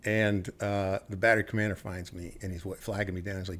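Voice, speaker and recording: A middle-aged man from the United States talks as a guest on an interview podcast, his voice sitting fairly low. He tells his stories in a casual, blunt way, swearing freely and acting out bits of quoted dialogue. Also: flat delivery, fast talker, fairly bright tone. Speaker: podcast guest, retired Army officer.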